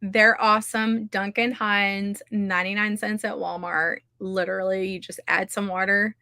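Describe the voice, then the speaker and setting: A woman's voice: mid-range voice, little pitch movement, moderate pace, gravelly, sharp tone, no echo, studio quality. A woman hosting a casual livestream, chatty and scattered, laughing often as she talks. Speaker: livestream host running writing sprints. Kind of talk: casual chat to a live audience.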